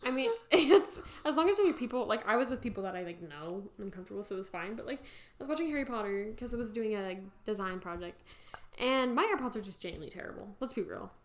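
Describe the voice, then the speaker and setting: A young woman co-hosting a podcast, chatting casually and telling animated stories with laughter. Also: medium pitch, quick pace. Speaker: podcast co-host. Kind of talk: casual fan chat.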